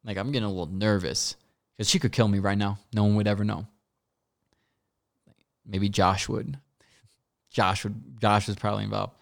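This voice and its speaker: A man's voice: lowish voice, little pitch movement, normal speed, gravelly, pauses often. A man hosting a podcast, telling stories in a casual, rambling way with lots of fillers and voiced quotes. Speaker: podcast host. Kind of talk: casual storytelling.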